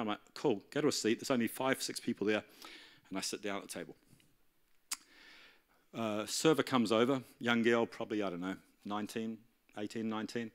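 A man's voice: lowish voice, fairly quick. A man preaching in a church, telling a story animatedly and acting out the dialogue. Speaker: pastor. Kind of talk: storytelling sermon.

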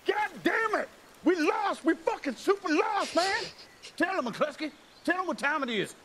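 An actor playing a hotheaded young soldier who shouts crudely and frantically. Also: male voice, very high voice, lively intonation, normal speed, slight background noise, heavily acted. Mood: frustrated. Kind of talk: film dialogue.

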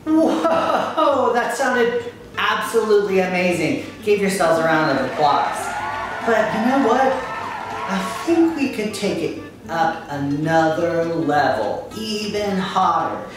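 A woman teaching a kindergarten music lesson, upbeat and encouraging, chanting words to a steady beat and calling on children to join in. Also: fairly low pitch, takes it slowly. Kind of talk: children's lesson, call and response. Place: kitchen. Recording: echoey room, mic far off.

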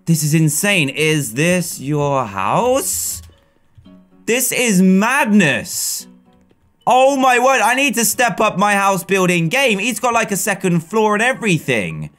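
A young man giving casual, excitable commentary as he plays a video game, laughing often and talking to the other players. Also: high-pitched, slow. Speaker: gaming video host. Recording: faint game music behind.

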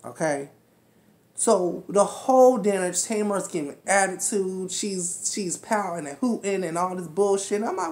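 A woman in her twenties ranting about a TV episode in a brash, profane, animated way. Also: mid-range voice, unhurried. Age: 20s. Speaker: reality show recap host. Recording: echoey room.

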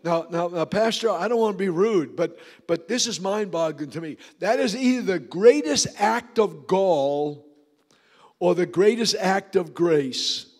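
Preacher, male, high voice, fervent shouting sermon in a church. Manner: fervent, shouting, quick asides to the congregation. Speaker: pastor.

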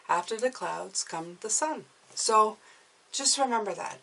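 A woman's voice: medium pitch, lively intonation, a little slow, creaky, a bit bright, breathy edge, recorded from a distance, low-quality recording. Chatty woman giving a tarot reading. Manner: chatty and encouraging, often adding "okay?". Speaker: tarot reader. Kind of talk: intuitive tarot reading to viewers.

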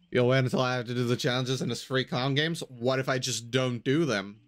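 A man's voice: medium pitch, steady tone, a little fast, hardly any pauses. A man streaming a game live, casually chatting with his viewers, answering their messages and often repeating himself. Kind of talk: casual live-stream chat while gaming.

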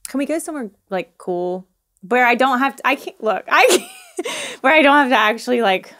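A woman's voice: fairly high pitch, animated, a bit bright. Chatty Southern woman telling stories. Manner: chatty and laughing, quick-talking storyteller. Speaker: podcast guest. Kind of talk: casual conversational interview.

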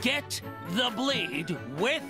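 A man's voice: extremely high pitch, big pitch swings, heavily acted. An actor playing a pompous, short-tempered male consul in a video game, drawling with sarcasm and bellowing insults. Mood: sneering. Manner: drawn-out sneering sarcasm, then furious yelling. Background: loud game music.

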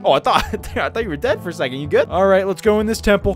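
A young man hosting a game video, excitable commentary that jumps from yelps to whispers. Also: sits high, fast talker, hardly any pauses, soft background music. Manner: excitable, yelps and shouts when attacked, drops to whispers when sneaking. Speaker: gaming channel host.

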